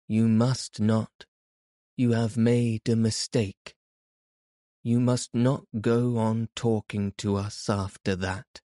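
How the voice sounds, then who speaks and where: Cold firm chaperone woman, dismissive, slow and low, as a male narrator reads her. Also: flat delivery, dark tone, dry recording, studio quality. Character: stern older female chaperone, cold and firm.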